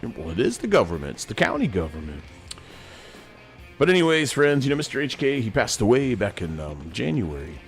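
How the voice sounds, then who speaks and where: A man's voice: mid-range voice, very animated, fairly quick, soft background music. A middle-aged man, hosting a rambling, folksy monologue from his home studio as a sergeant major persona. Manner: folksy, keeps calling the audience "friends".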